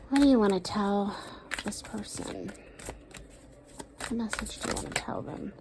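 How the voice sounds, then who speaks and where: A woman doing a casual tarot reading, talking aloud to a spirit, with sighs, pauses and soft asides. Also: mid-range voice, heavy background noise. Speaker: tarot card reader.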